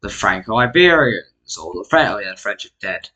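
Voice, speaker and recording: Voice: low-pitched, big pitch swings, moderate pace, bright, forceful tone. A mapping YouTuber narrating an alternate history in casual, rambling, self-mocking commentary, full of "like" fillers, sounding tired. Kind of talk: casual screen-recorded commentary.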